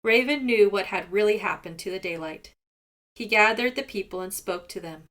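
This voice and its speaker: A woman reading a folk tale aloud to children in an expressive, measured way. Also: medium pitch. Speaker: storyteller. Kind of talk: storybook read-aloud.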